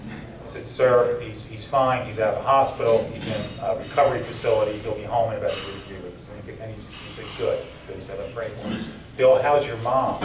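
In a mid-range voice with slight background noise, a keynote speaker gives an emotional speech at a banquet, telling personal stories as his voice drops and catches at tender moments. It is a roomy hall recording made from a distance.

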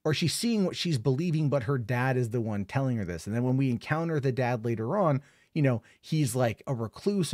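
A man's voice: medium pitch, a little mellow, no room sound. Rambling, filler-heavy male film reviewer, dry sound. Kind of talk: casual spoken film review.

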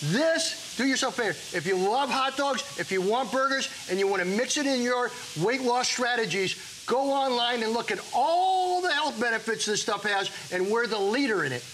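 A middle-aged man pitching his food products on a home shopping show, animated and joking, sometimes talking with his mouth full. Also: normal speed, hardly any pauses, a little hiss or hum, poor audio. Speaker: guest brand founder.

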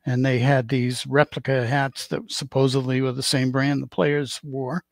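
A man's voice: mid-range voice, little pitch movement, moderate pace, vocal fry, no room sound. A man in his seventies with a Boston accent, chatting as a stream guest and telling rambling, joking stories. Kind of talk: casual chat on a stream.

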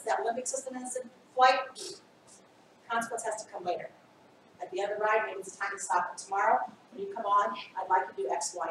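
Woman, 50s, workshop presenter, lively and acts out examples; slightly high voice, recorded from far off in an echoey room. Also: a little hiss or hum. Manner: animated, acts out scenarios. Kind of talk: training workshop talk. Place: school training room.

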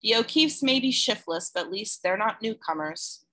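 A woman's voice: mid-range voice, expressive, moderate pace, a bit bright. A woman voicing an anxious teenage big sister. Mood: earnest.

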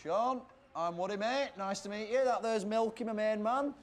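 A man's voice: sits high, moderate pace, natural voice. A young man playing a big-hearted young skinhead gang leader, swearing, matey and coaxing. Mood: jokey. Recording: noisy outdoor ambience.

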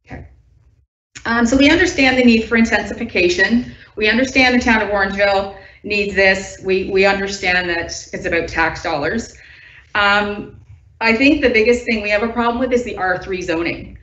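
A woman's voice: medium pitch, moderate pace, a bit bright. A woman resident giving nervous, earnest public comment from home, her voice shaking with upset. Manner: earnest, nervous, pressing objections. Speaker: resident speaking at a council meeting. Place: indoors at home. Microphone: video call. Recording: distant, echoey, dull video call audio.

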